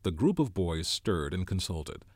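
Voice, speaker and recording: A man narrating a novel in an expressive storytelling manner. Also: low-pitched, unhurried, dry recording, studio quality. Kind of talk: audiobook narration.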